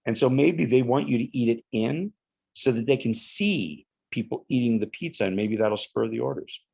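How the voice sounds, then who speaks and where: A man putting on a soft, lecturing male friend. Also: lively intonation, gravelly, slightly rough, muffled recording. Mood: quietly scolding. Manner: low, soft, measured lecturing. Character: calm adult male friend, quietly scolding.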